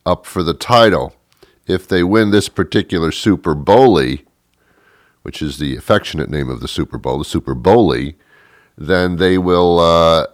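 Slow, deadpan male comic host. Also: low voice, no room sound. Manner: deadpan and rambling, with many fillers. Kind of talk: comic monologue. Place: Boston area.

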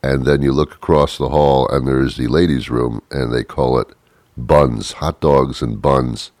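A man's voice: very deep voice, fairly even intonation, measured pace, a little mellow, dry recording. A man telling rambling comic stories in a wry, hesitant way, full of filler words.

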